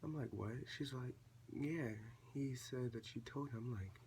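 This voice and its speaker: A seventeen-year-old young man, a vlogger telling a casual storytime at home and acting out quoted dialogue in a chatty, animated way. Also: mid-range voice, moderate pace, creaky, slight background noise. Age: late teens.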